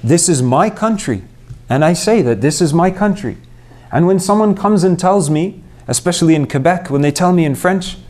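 A man's voice: high voice, a little fast, a little mellow. A young man born and raised in Montreal, giving an earnest mosque talk and putting rhetorical questions to his audience. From Canada, Montreal. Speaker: Islamic preacher.

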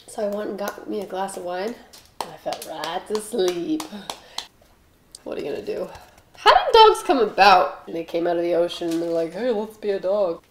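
A woman's voice: lowish voice, big pitch swings, moderate pace. A young woman doing a rambling, offbeat comedy monologue with jokey asides while she bakes in her home kitchen. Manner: offbeat, jokey asides, mock voices for quoted people. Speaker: comedic baking host. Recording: echoey kitchen with faint noise.

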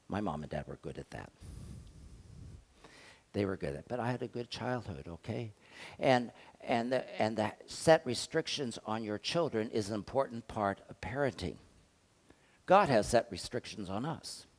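An older man delivers a sermon from the pulpit, his voice sitting low. He talks to the congregation like a conversation, tossing out rhetorical questions. He swings between loud, pressing stretches and quiet, hushed ones. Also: lively intonation, moderate pace. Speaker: pastor.

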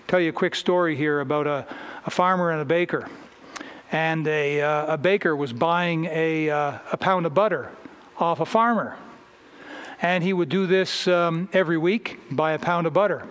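High-voiced preacher telling folksy stories. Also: male voice. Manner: folksy storytelling with anecdotes. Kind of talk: sermon.

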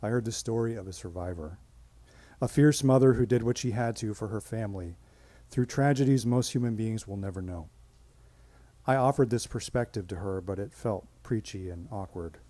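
A man telling a personal story on stage at a live storytelling event, with measured, dramatic pauses. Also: lowish voice, warm tone, no room sound.

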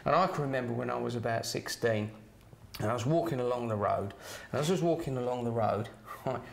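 A middle-aged man tells casual anecdotes. His voice is gravelly and sits at a medium pitch. He keeps checking in with "right?" and chuckles as he goes. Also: a little fast. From Kent, England. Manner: chatty, with "right?" tags and chuckles. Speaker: former doorman.

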